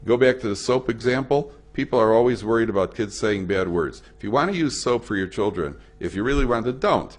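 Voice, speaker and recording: A man's voice: lively intonation, a little fast, few pauses. A man, a rabbi, giving a conversational talk to an audience, acting out the people in his stories and mixing Hebrew and Yiddish terms into his speech. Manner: storytelling, acts out quoted voices with big pitch swings. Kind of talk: lecture to an audience. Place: hall at a memorial event.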